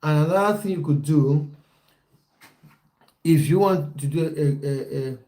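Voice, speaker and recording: Mellow-voiced young man chatting on a livestream. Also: fairly high pitch, a little slow. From based in the United Kingdom. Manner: chatty, reads out chat comments, restarts often. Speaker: football coach and livestream host. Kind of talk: casual livestream chat with viewers.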